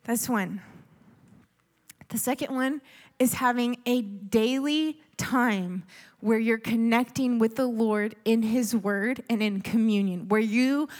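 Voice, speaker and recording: High-voiced woman preaching earnestly. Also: slow. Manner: earnest, pleading, with soft hushed asides. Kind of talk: sermon.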